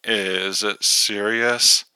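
Bored valley girl teen, all drawl and slang, a low-voiced guy putting her on. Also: steady tone, very slow, sharp tone, clean tone, dry recording, exaggerated voice. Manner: drawling, filler-heavy slang.

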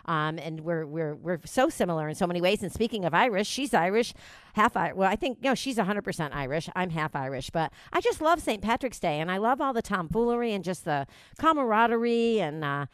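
A woman's voice: fairly low pitch, lively intonation, fairly quick, dry recording. A woman hosting a radio show, chatting casually, laughing often and rambling. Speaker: radio host.

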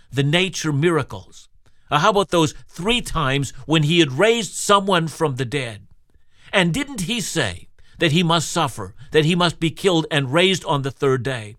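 A male Bible teacher delivers a radio sermon with an animated, rising-and-falling delivery. His pitch sits a touch above the usual male range. The recording is dry and close, with no room sound. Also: unhurried, no echo. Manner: expressive, rhetorical preaching with direct address to listeners.

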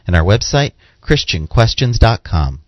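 A man's voice: fairly low pitch, big pitch swings, normal speed, no room sound. A man hosting a radio show, announcing segments in a polished, upbeat way. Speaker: radio host. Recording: slightly dull radio audio with music.

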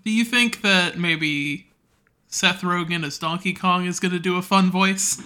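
A playful man co-hosting a podcast in a high, bright voice. He jokes around and giggles through the casual chat. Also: fairly even intonation, measured pace. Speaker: podcast co-host.

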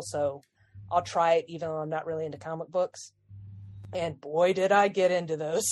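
A chatty woman co-hosting a podcast with a fairly low voice. She talks in loose, rambling sentences, laughs often and lets her thoughts trail off. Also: steady tone, fast talker, darkish tone. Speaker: podcast co-host. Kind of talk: casual chat.

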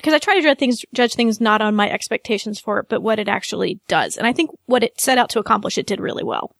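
A woman's voice: medium pitch, animated, fast, creaky, fairly bright tone, dry recording, clean studio sound. A woman co-hosting a podcast in casual chat, thoughtful and careful, hedging as she talks. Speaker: podcast co-host.

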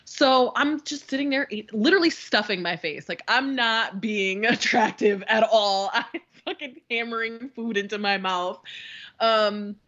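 A woman in her thirties with a somewhat high voice co-hosts a podcast, telling a story at an unhurried pace in relaxed chat. She's an animated storyteller who acts out what other people said, swears freely, and laughs often. The audio sounds dull.

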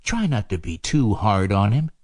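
A woman voicing a creepy, witch-like old Mrs. Claus in a low, slow, syrupy croon. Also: sing-song, a little mellow, no room sound, clean studio sound, heavily acted.

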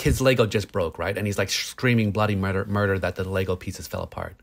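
A man in his thirties speaks in a fairly low voice. He is a psychologist explaining things earnestly in conversation, with everyday examples. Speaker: psychologist guest.

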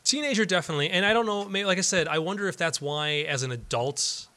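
A man's voice: high voice, fast, sharp tone. A man co-hosting a movie podcast in casual chat, rambling with lots of restarts and easy laughs. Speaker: podcast co-host.

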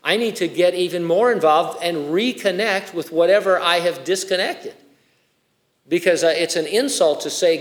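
A man's voice: sits high, moderate pace. A male pastor preaching a sermon, reading scripture and adding conversational, joking asides.

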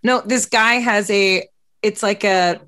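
A woman hosting a casual comedic talk show, animated and quick, often laughing through her asides. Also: medium pitch. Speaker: show host.

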